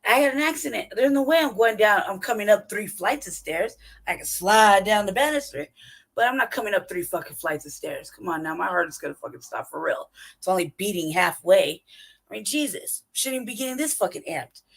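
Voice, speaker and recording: A woman from Los Angeles hosting a show, giving loud profane commentary full of swearing and laughter. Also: medium pitch, a little fast, gravelly. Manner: animated, swearing, ranting and laughing. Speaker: show host commenting on a played clip.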